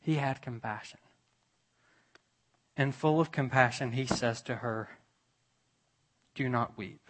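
A man preaching a sermon to his church, slow and deliberate, building to emphatic, raised passages and dropping to quiet ones. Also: mid-range voice, a little hiss or hum. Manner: slow, with long pauses, rising to emphatic peaks. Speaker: pastor.

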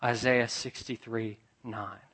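A man preaching a sermon as pastor, deliberate, repeating phrases with building emphasis. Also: mid-range voice, fairly even intonation, fairly bright tone, slightly rough.

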